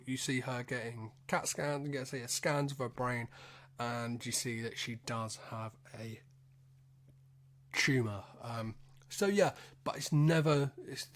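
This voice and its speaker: A man's voice: mid-range voice, fairly even intonation, moderate pace. A man hosting a solo podcast, recapping a film in a loose, rambling way, swearing freely and making self-deprecating asides. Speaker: podcast host.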